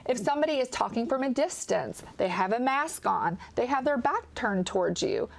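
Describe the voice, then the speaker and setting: A woman with a Kentucky accent speaks with a somewhat high voice. She explains hearing care eagerly in a TV interview, slipping into the voices of the patients she quotes. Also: expressive, moderate pace, creaky. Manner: enthusiastic, acts out patient quotes. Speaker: audiologist guest.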